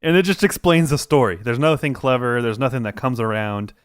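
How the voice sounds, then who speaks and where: A laid-back male podcast co-host with a smooth, clean voice speaks in dry, matter-of-fact talk. The sound is close and dry. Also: medium pitch, lively intonation, fairly quick, no echo. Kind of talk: casual chat.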